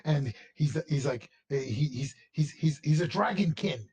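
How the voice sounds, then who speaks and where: A man's voice: a little high, animated, unhurried, a little mellow, husky. A man narrating a tabletop game as game master, rambling with frequent restarts and repeated words.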